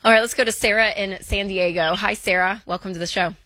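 A woman's voice: medium pitch, fairly even intonation, fast talker, sharp tone, dry recording. A woman co-hosting a call-in advice show, upbeat and reassuring, laughing easily with callers. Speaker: radio show co-host.

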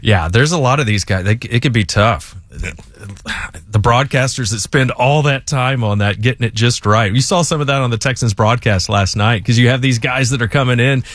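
A man's voice: mid-range voice, moderate pace, a bit bright, no room sound, clean studio sound. A man co-hosting a sports radio show, easygoing, laughing often and asking questions. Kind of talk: casual sports radio chat.

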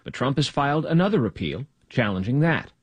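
A man correspondent delivering a formal news report in a brisk tone. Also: medium pitch, very animated, slightly rough, dry recording.

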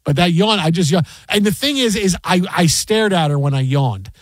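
Male sports radio host, high voice, animated storyteller, dry booth. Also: moderate pace, dry recording. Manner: animated storyteller, acts out quotes. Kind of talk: casual sports radio chat.

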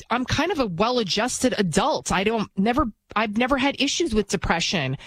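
Woman, radio host, opinionated monologue, animated storyteller, dry studio sound. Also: on the high side, dry recording. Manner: animated storytelling, acts out quoted voices. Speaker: fill-in talk show host.

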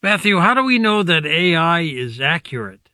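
A man's voice: a little high, sing-song, moderate pace, pushed and bright, slight background noise. A man hosting a radio call-in show, asking short, upbeat questions. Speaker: radio host.

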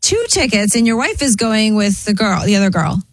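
A woman in casual chat, reacting with exclamations and quick questions. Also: mid-range voice, lively intonation, dry recording.

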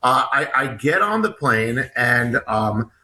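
Bright, earnest man telling a story. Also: mid-range voice, sing-song, low-quality recording. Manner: earnest, halting, retells dialogue. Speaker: author and guest. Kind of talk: storytelling in conversation.

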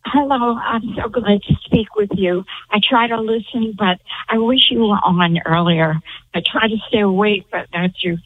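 An older woman calling in to a radio show, speaking in a halting, hesitant way. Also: mid-range voice, husky. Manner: hesitant, halting speech with many fillers. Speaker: caller. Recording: tinny phone line.

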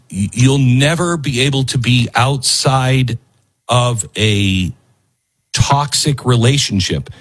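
Husky guy ranting on his show, voice swinging up and down a lot, hammers the same words. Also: medium pitch. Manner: emphatic, lecturing, repeats key phrases. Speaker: host. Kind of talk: opinionated commentary.

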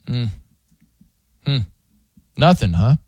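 Male sports radio host, casual rambling banter, lively swinging delivery, dry studio sound. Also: mid-range voice, takes it slowly, slightly rough, no echo. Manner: joking, rambling, animated with frequent fillers.

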